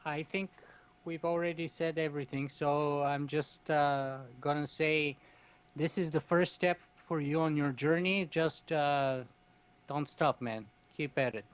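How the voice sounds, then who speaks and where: A man's voice: a little high, fairly even intonation, unhurried, clean tone. A man who hosts his own podcast, a guest here, chatting casually and giving encouraging advice. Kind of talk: casual chat.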